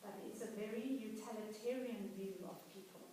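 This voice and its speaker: A woman's voice: medium pitch, steady tone, normal speed, mellow. A woman executive coach giving a workshop talk, telling case stories conversationally with frequent restarts. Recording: echoey room, voice far from mic, faint noise.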